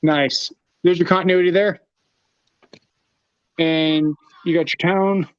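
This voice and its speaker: A man's voice: fairly high pitch, fairly even intonation, slow, smooth, no echo. A man hosting a live tool demonstration, talking casually while he handles his gear. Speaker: host demonstrating tools. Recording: dull lo-fi livestream audio.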